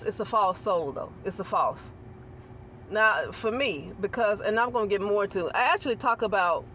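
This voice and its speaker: On her own channel, a female host talks through a loose spiritual monologue, often starting over, repeating herself, and checking in with "okay?" Her voice sits in the mid range with a fairly bright tone, and there's slight hiss or hum.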